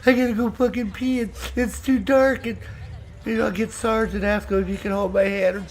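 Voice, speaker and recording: A man putting on the voice of a whiny camper afraid of the dark in the woods. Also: high-pitched, fairly even intonation, brisk, slight background noise, voice pushed up, low-quality recording. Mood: whiny scared. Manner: whining, pleading.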